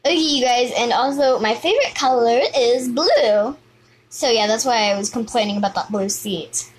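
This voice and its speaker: A woman giving lively, exclamatory commentary over her gameplay, often repeating words in a sing-song way. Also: a little high, moderate pace, low-quality recording. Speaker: gaming video host.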